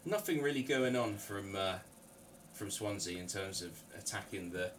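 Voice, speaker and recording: A man's voice: fairly low pitch, expressive, normal speed, a little hiss or hum. A man co-hosting a casual football watch-along, chuckling and remarking on the play. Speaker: co-host. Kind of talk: casual live match commentary and banter.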